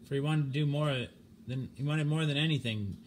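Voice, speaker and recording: A man reading a short story aloud in a measured, grave manner. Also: fairly high pitch, slight background noise. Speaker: narrator.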